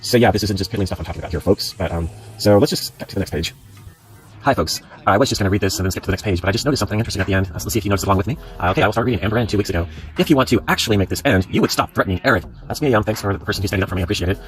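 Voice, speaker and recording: A man's voice: fairly low pitch, very fast. A man hosting his own channel, reading out comment screenshots aloud and breaking in with rambling, sarcastic asides. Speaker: channel host.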